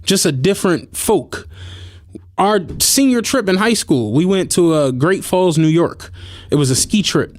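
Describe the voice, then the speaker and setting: A man hosting a podcast, telling stories in casual chat, animated and often laughing as he acts out what people said. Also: high voice, a little slow. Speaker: podcast host. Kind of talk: casual storytelling.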